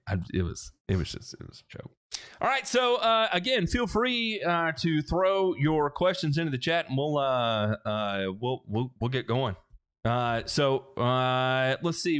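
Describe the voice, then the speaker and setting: A man's voice: mid-range voice, a bit bright. A man hosting a casual livestream on a headset mic, answering viewer questions in a rambling way with lots of restarts, fillers and joking asides.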